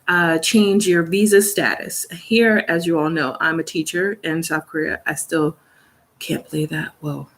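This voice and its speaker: A young woman chatting casually on a phone live stream from her studio, rambling with fillers and easy laughs. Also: medium pitch. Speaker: vlogger, English teacher in South Korea. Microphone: phone camera.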